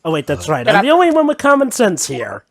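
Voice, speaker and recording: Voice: medium pitch, wildly swooping pitch, quick pace. A let's-play host voicing the defense attorney, sarcastic and theatrical. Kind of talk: playful let's-play banter.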